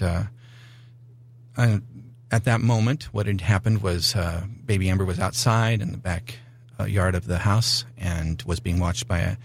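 A middle-aged man telling a personal testimony on a talk show, animated and acting out the voices in his story. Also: sits low. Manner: animated storyteller, acts out dialogue. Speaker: guest. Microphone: studio mic.

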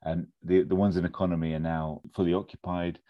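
A man, casually pitching a film plot in a rambling, animated way full of fillers and restarts. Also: brisk, highs cut off.

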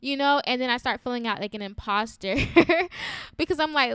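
A woman's voice: on the high side, moderate pace, bright, forceful tone, clear, resonant tone, no room sound, studio quality. Candid, chatty woman podcast host. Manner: candid, chatty, frequent fillers, laughs often. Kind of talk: faith-based podcast talk.

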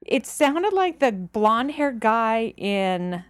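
A woman's voice: on the high side, big pitch swings, slow, clean tone, dry recording, clean studio sound. A woman co-hosting a podcast, chatting casually, blunt and swearing freely, laughing often. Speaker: podcast co-host. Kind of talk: casual chat.

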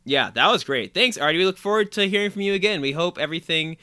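A man's voice: a little high, animated, fast, bright, forceful tone, clear, resonant tone, no echo. A man co-hosting a podcast in casual chat, reading listener emails aloud and laughing often.

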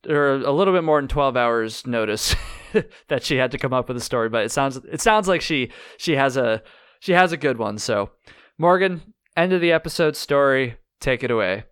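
A man's voice: mid-range voice, animated, moderate pace, a bit bright, clear, resonant tone, no room sound, studio quality. A man hosting a podcast, easygoing and chatty with loose restarts. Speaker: podcast host. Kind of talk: casual podcast chat.

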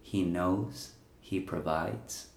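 A man preaching a sermon as pastor, earnest and pleading, letting his phrases fall away softly at the ends. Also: deep voice, extremely slow. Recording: roomy echo.

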